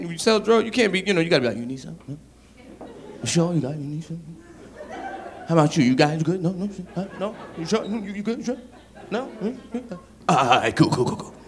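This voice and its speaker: A man from Brooklyn working a comedy club stage with a handheld mic. His voice sits a little high and swings widely in pitch as he tells his stories. He acts out the bits, sometimes breaking into loud shouts. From Brooklyn, New York. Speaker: stand-up comedian. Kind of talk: stand-up comedy set.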